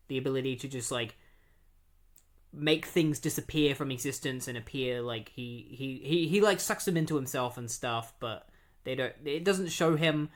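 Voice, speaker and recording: A man casually recapping a comic book story, rambling with lots of fillers and acting out characters' lines in quick bursts. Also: mid-range voice. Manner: rambling retelling with many fillers and quick acted-out quotes. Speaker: comic book podcast host.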